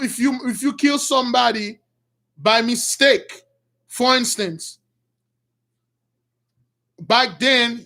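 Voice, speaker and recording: A man with a very high voice and retells an old story to his viewers. He talks in animated bursts that often rise into shouts, then backs up to restart his sentences. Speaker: religious storyteller.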